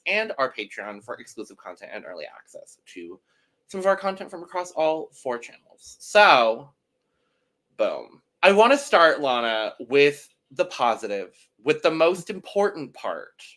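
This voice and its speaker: Male podcast co-host, bright tone, upbeat and emphatic reality TV recap chat. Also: medium pitch.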